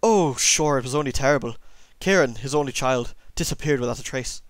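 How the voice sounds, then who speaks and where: Man voicing an older village woman, folklore teller, put-on accent, dry close sound, mid pitch. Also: fairly quick, dry recording, close to an everyday voice. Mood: grave. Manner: reads dialogue aloud in a put-on accent. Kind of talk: let's play character voicing.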